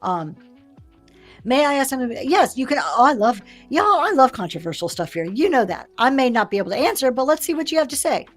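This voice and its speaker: A woman's voice: high-pitched, big pitch swings, brisk, soft background music. Chatty, laughing woman host. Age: middle-aged. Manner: chatty, laughs often, reads viewer comments aloud. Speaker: live-sale seller and host. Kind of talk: casual livestream business talk.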